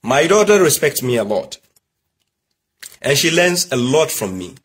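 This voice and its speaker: A man's voice: medium pitch, big pitch swings, measured pace, breathy edge. A middle-aged man lecturing in an emphatic way, firing rhetorical questions and telling family stories. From Nigeria. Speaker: religious commentator. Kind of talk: preachy monologue.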